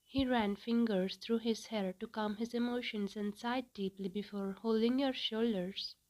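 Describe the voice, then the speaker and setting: A woman reading a fan fiction story aloud in an even, unhurried storytelling manner. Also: a little high, low-quality recording.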